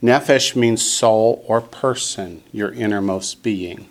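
A man teaching a Hebrew class, saying each word slowly and clearly so his students can repeat it. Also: lowish voice. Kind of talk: classroom lesson.

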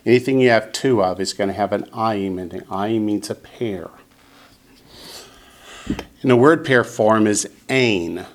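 Slow-spoken male language teacher. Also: lowish voice. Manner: slow, deliberate, pronounces each word for the class to repeat. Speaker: Hebrew teacher. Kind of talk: classroom lesson. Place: classroom with students.

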